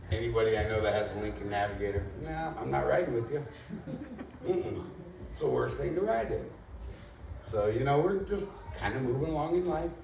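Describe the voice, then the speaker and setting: A man with a low, gravelly voice works through a loose, self-deprecating stand-up routine. He rambles and leans on filler. The sound is roomy and distant, with noise from the club behind him. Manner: rambling, self-deprecating, laid-back, lots of "you know". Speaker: first-time stand-up comedian. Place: comedy club stage. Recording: echoey club room, mic at a distance, noisy.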